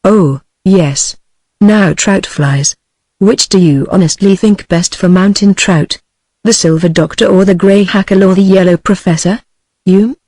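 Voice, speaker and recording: A woman's voice: mid-range voice, a little slow, warm tone, dry recording, natural voice. A synthetic woman's voice with a British English accent, reading the lines of an eager, chatty rich young woman.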